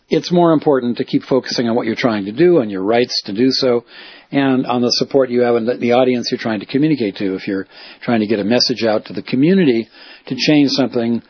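A man's voice: mid-range voice, husky, no room sound, muffled recording. A man, a reporter and activist, talking in a rambling, self-correcting way as he recounts and explains. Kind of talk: casual spoken monologue.

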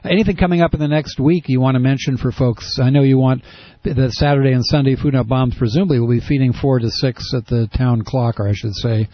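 A man's voice: medium pitch, steady tone, fast talker, dry recording. A man hosting a radio show, asking questions in a casual, probing way with many restarts. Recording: dull, lo-fi radio audio.

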